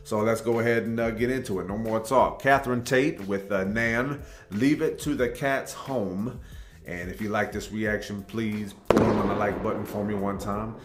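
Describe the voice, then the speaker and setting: A man's voice: fairly low pitch, steady tone, normal speed, reverberant, noisy background. A man hosting a reaction video, chatting in a rambling, friendly way with lots of fillers. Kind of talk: casual chat.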